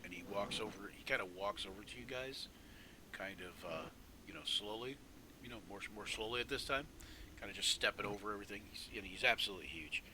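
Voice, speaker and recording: A man narrating a tabletop game as game master, talking in a halting way with many fillers. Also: lowish voice, background noise.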